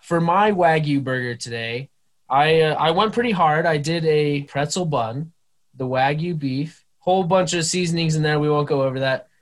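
A man's voice: fairly high pitch, normal speed. A young man co-hosting a casual podcast, joking and swearing freely as he leads the chat. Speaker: podcast co-host.

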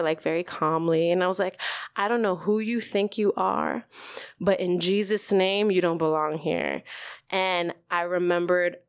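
Interview guest: woman, 30s, low voice, loose candid storytelling with swearing. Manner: casual, lots of "like", swears freely.

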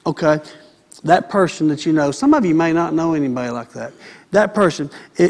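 A man preaching a sermon as pastor, building up to loud, fiery exhortation. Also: high voice.

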